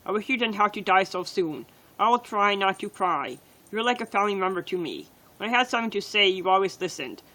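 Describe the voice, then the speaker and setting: A woman's voice: medium pitch, bright, forceful tone, poor audio. A woman reading her own poems on a livestream, in plain and earnest short sentences.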